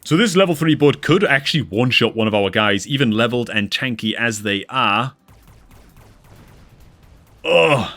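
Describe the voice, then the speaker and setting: A man at a desk mic casts a strategy game replay in a mid-pitched voice, excitable and quick to exclaim. He keeps calling his listeners dude and man as he reacts to the action. Faint music plays beneath his voice. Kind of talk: excitable gameplay commentary.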